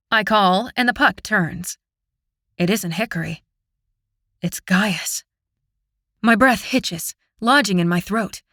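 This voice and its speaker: A woman narrating a fantasy audiobook in the first person, with dramatic, expressive storytelling. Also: medium pitch, no room sound, studio quality.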